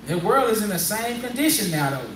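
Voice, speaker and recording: Man, preacher, high voice, call-and-response teaching, repeats phrases, distant, echoey room. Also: very animated, a little fast, a bit bright, a little hiss or hum. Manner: conversational, prodding, repeats phrases. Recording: echoey room, distant mic, faint ambience.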